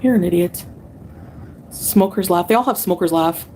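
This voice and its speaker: A woman's voice: on the low side, moderate pace, warm tone, a little hiss or hum. A woman ranting on a livestream, angry and mocking as she answers her chat. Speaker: streamer being reacted to. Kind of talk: heated livestream rant.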